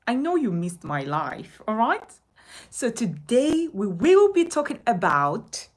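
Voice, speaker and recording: A woman coaching communication in a live lesson, her voice swinging high and low as she stresses each point. She speaks slowly and deliberately, often asking questions and answering them herself. Her tone has a slightly husky edge. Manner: animated, emphatic, asks and answers its own questions. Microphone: phone.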